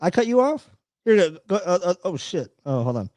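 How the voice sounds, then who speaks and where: A man hosting a live sports talk stream, telling a story in a rambling, animated way, swearing and restarting often. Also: high voice, fairly quick, no room sound. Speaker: podcast host. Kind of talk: casual live-stream chat.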